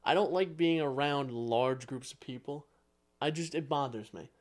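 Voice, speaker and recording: A man's voice: mid-range voice, moderate pace. A man co-hosting a podcast in casual chat, ranting bluntly with plenty of swearing. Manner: blunt, profane, grumbling rants. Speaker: podcast co-host.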